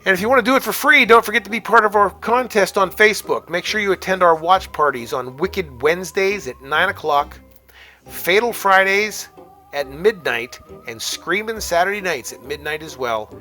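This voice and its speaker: Male call-in show host, slightly high, bright forceful tone, rambling upbeat patter, faint music underneath. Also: lively intonation, moderate pace. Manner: chatty, upbeat, rambling with fillers and laughs. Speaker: podcast host taking phone calls. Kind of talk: casual radio-style chat and sponsor reads.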